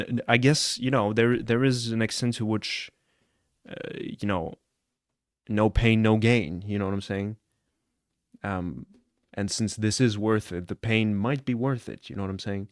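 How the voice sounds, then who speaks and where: A man with a slightly low voice talks earnestly and casually, like a streamer reacting to a clip. He rambles a little and keeps checking in with his listener. The recording is close and dry, with no room sound. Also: dry recording. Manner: earnest and rambling, often asks "you know what I'm saying?". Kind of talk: casual live-stream chat.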